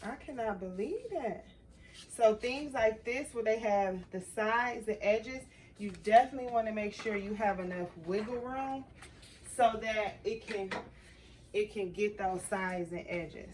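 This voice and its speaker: Talking to "y'all" as she crafts, this young woman vlogger keeps things chatty and reacts openly to her work. She speaks at a medium pitch, a little slowly, with background noise present.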